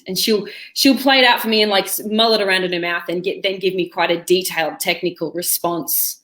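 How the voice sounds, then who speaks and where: A woman's voice: on the low side, steady tone, fairly quick, few pauses, a bit bright. A woman, the director, hosting a live Q&A, reading audience questions aloud and answering them. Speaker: director and host.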